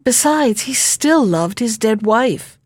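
Woman reading a fairy tale, calm and measured, fairly high voice, dry sound. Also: dry recording. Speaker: narrator.

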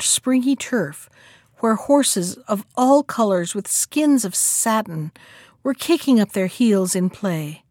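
A woman's voice: medium pitch, no echo, studio quality. Woman reading a fairy tale aloud. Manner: measured, expressive storytelling. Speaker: storyteller.

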